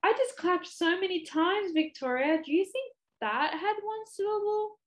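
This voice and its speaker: A young Australian woman leading a children's lesson, speaking in a slow, exaggerated sing-song way for little ones. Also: very high voice, lively intonation. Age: young adult. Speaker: speech clinic presenter.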